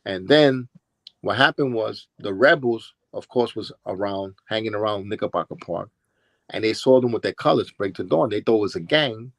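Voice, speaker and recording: A man's voice: lowish voice, animated, moderate pace, gravelly, dry recording. A man with a New York accent telling rambling stories in an interview, often restarting and acting out what people said. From Brooklyn, New York. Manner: rambling, with restarts and acted-out quotes. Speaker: interviewee, former b-boy. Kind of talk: casual storytelling interview.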